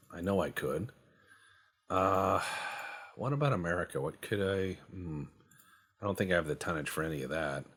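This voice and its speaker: A man's voice: low voice, husky. A man giving loose, joking commentary while playing a strategy game, rambling and swearing for laughs. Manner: rambling, joking, profane banter. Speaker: game streamer. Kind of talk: casual gameplay commentary.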